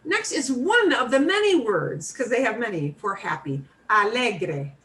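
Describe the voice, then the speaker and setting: An American woman teaching a beginners' Spanish class, slowly modeling each word for her students to repeat. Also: fairly high pitch, wildly swooping pitch, a bit bright. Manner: slow, clear modeling of words for repetition. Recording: room mic from a distance, faint noise.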